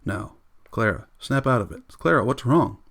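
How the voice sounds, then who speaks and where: A man's voice: medium pitch, animated, moderate pace, gravelly, fairly bright tone. A man voicing Mildred, an anxious wife who coaxes and pleads with a crying friend. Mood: coaxing. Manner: coaxing, pleading.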